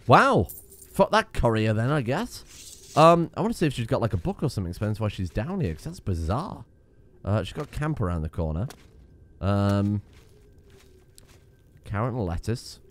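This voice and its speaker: Sweary gamer, lively voice. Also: male voice, mid-range voice, normal speed, slight background noise. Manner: sweary, joking and animated. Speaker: let's play gamer. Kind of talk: casual gameplay commentary.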